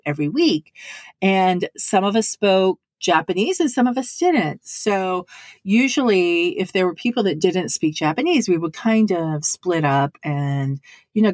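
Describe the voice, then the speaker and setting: Chatty woman with a lively, low voice. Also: no echo, studio quality. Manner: chatty, full of "you know" and "right?". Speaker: storyteller. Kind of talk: casual anecdote.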